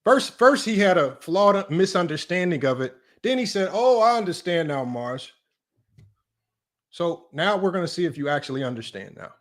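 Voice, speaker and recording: A man with a fairly high voice hosts a livestreamed sports debate. He argues emphatically, circles back to the same point, and keeps checking in with his viewers. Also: expressive, fairly quick, hardly any pauses, a bit bright. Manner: emphatic, repetitive, keeps asking "right?". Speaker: sports debate show host.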